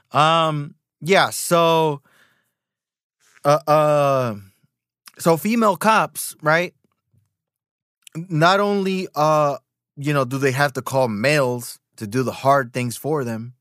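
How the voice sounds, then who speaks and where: A man in his thirties hosting a podcast, telling stories in an animated rant full of fillers and restarts. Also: a little high, slow pace, no room sound, clean studio sound. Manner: animated storytelling with many fillers. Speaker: podcast host.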